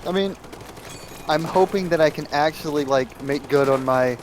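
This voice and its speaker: A man's voice: medium pitch, steady tone, brisk, noisy background. A man chatting casually with friends while gaming, easygoing and joking. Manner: easygoing, joking, filler-heavy.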